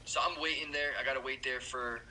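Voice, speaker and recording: Man, very bright sharp voice, earnest and hesitant, faint hiss behind. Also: mid-range voice, steady tone, fairly quick, low-quality recording. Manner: earnest, hesitant, full of fillers. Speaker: podcast guest. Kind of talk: casual chat.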